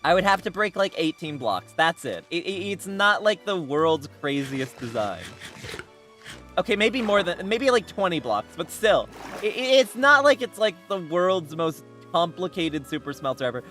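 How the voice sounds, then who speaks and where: A man's voice: high-pitched, very animated, moderate pace, bright, forceful tone, faint music behind. A man chatting casually while streaming a game, rambling with many restarts and bursts of laughter. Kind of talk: casual game livestream chat.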